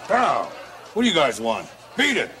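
An actor playing a gruff backstage doorman who barks curt orders. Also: on the high side, huge pitch swings, normal speed, bright, forceful tone, some chatter behind, slight background noise, exaggerated voice.

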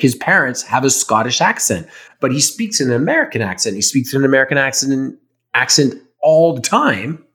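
A man's voice: medium pitch, fairly bright tone. A man in casual chat answering fan questions, rambling and candid, swearing now and then. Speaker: podcast host, actor.

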